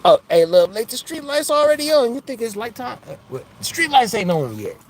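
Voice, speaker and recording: Laughing, animated man on a livestream. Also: very high-pitched, fairly quick, a little hiss or hum, poor audio. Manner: loose and jokey, laughs often, keeps asking "you know what I'm saying". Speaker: livestream host chatting with viewers. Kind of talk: casual live chat.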